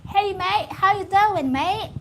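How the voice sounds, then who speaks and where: A woman putting on a mock Australian accent to play a cheery man greeting a mate, loud and high. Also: takes it slowly, a little hiss or hum, heavily acted.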